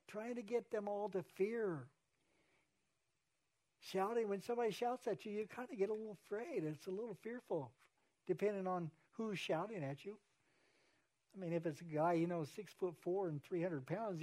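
A man's voice: high-pitched, dark tone. A man, a pastor, preaching an earnest sermon and repeating key phrases for emphasis.

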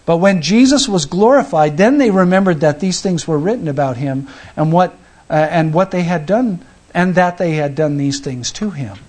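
High-voiced man preaching conversationally. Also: animated, moderate pace, a little mellow. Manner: conversational, acts out the people in the story; frequent restarts and fillers. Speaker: pastor. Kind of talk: sermon.

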